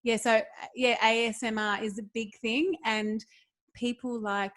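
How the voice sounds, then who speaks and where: A woman's voice: on the high side, steady tone, normal speed, a bit bright. A young woman co-hosting a podcast, chatting casually, giggling and rambling, stumbling as she reads facts aloud. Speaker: podcast co-host. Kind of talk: casual chat.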